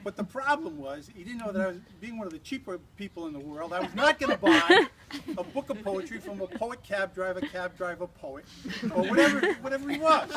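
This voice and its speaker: An older man giving a humorous toast at an engagement party, a rambling, teasing storyteller who restarts often. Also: high voice.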